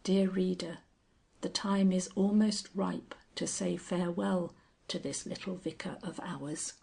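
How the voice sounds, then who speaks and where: A woman reading a classic story aloud in a measured, unhurried narration. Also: on the low side, steady tone, gravelly, mellow, husky.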